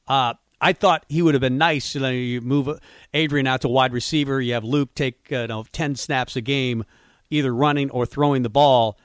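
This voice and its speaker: A man's voice: medium pitch, steady tone, moderate pace, clear, resonant tone, no room sound. Dry-voiced male sports radio co-host. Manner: conversational, musing, frequent fillers. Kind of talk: casual sports talk.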